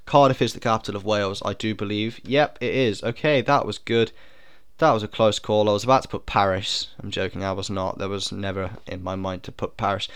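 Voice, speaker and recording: A man's voice: on the low side, fairly even intonation, a little fast, a bit bright, smooth, no echo, clean studio sound. A young man taking an online quiz on camera, thinking aloud, second-guessing himself and cracking puns. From United Kingdom. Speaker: video creator doing a quiz. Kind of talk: casual commentary while taking an online quiz.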